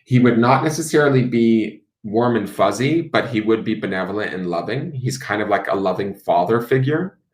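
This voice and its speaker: A man with a somewhat low voice gives a live-streamed tarot reading, musing his way through the cards. He pauses on fillers and keeps checking in with "right?". The sound carries a noticeable room echo. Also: expressive. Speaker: tarot reader.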